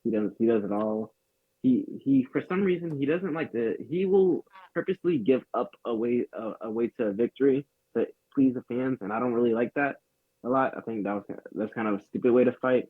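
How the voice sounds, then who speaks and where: Man, fast talker, husky voice, tinny phone-like sound, dry. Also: medium pitch, expressive, no echo. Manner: fast-talking, hesitant. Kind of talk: casual betting chat.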